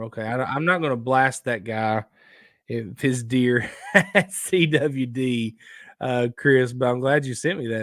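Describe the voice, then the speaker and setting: Excitable male host, casual rambling delivery, medium pitch, dry recording. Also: dry recording. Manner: excitable, rambling, reacts loudly to viewer photos. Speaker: outdoors show host. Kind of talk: casual live-stream chat.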